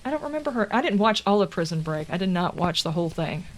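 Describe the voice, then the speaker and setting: A woman's voice: on the low side, sing-song, quick pace. A woman with a Southern American accent, chatting casually and rambling through tangents while streaming a game. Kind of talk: casual chat while gaming.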